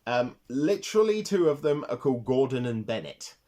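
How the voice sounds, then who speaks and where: A man's voice: mid-range voice, very animated, moderate pace, mellow. A man hosting a casual retro game review vlog, talking with rambling enthusiasm and swearing freely.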